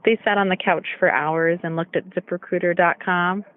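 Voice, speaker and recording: A woman telling jokes about her husband in a flat, deadpan way. Her voice comes through thin and tinny, like a phone line. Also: lowish voice, moderate pace. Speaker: stand-up comic. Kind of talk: stand-up bit.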